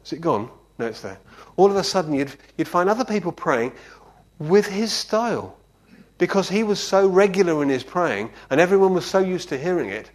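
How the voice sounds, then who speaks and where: A man with a high voice and moderate pace preaches a conversational sermon. An animated storyteller, he shares anecdotes and frequently checks in with his listeners by asking "yeah?"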